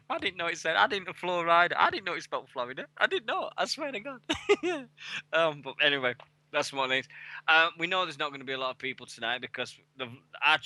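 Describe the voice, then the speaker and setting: A man's voice: medium pitch, bright, forceful tone, no room sound. A man in his forties hosting a radio show on a headset mic, chatting casually with lots of swearing and rambling. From England. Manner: sweary, rambling, laughing at himself.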